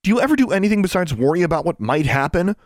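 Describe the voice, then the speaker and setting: A man's voice: sits high, very animated, very fast, no room sound, clean studio sound, pitched above the performer's own voice. A man voicing a proud, stubborn eleven-year-old witch girl who talks back smugly in an audiobook. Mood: mocking. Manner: smug, defiant, mocking.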